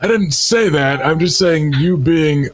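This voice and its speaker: A man's voice: on the high side, lively intonation, unhurried, breathy edge. Man playing in a tabletop game. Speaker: player. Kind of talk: tabletop role-play.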